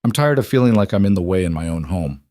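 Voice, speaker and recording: A stressed career woman, clipped and defensive, spoken in a fairly low voice as a male narrator voices her. The delivery is dry and close with no room around it. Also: expressive, dark tone, dry recording. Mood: strained. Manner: clipped, tense, quick to defend herself.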